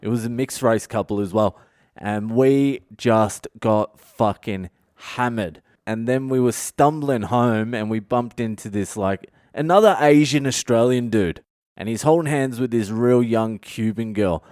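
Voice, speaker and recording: A man's voice: mid-range voice, unhurried, a little mellow, no echo, clean studio sound. A man hosting a solo podcast, telling rambling stories in a blunt, profane way. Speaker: podcast host, comedian. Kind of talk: solo confessional podcast storytelling.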